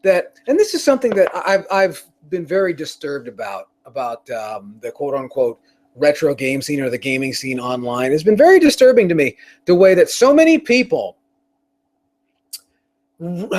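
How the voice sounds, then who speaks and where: High-voiced man ranting casually. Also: sing-song, normal speed, a little mellow. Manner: profane, rambling, with frequent restarts. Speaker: show host. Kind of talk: casual rant on a live stream.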